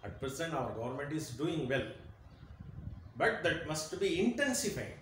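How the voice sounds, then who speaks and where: A man's voice: a little high, big pitch swings, normal speed, fairly bright tone. A man giving an emphatic lecture, repeating key phrases. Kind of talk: motivational lecture. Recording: very echoey room, faint noise.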